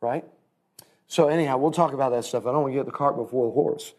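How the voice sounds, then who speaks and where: A man's voice: medium pitch, fast talker, a little mellow. A man teaching a church class in a sermon style, folksy and emphatic, calling his listeners friend.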